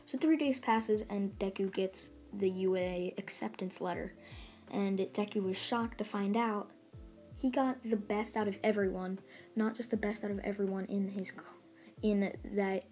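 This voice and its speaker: A woman's voice: mid-range voice, fairly even intonation, measured pace, warm tone, soft background music. A woman casually retelling a fan story, rambling along with lots of fillers and restarts.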